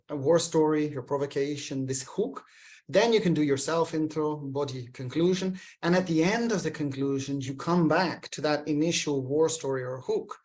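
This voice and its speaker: A man hosting a show, giving energetic, emphatic coaching on public speaking. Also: fairly high pitch. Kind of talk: coaching monologue.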